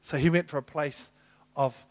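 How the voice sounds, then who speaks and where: Middle-aged guy preaching, fairly high voice, acts out the dialogue loud and soft. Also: normal speed. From New Zealand. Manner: animated storytelling, acting out dialogue with big swings in loudness. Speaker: apostle preaching. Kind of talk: sermon.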